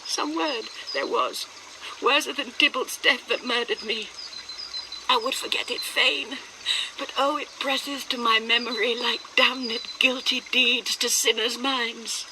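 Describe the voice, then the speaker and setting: A woman's voice: fairly high pitch, steady tone, noisy background. A woman reading Juliet, torn young bride. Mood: grieving. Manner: slow, declaiming verse. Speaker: reader of Shakespeare lines. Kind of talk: dramatic Shakespeare reading.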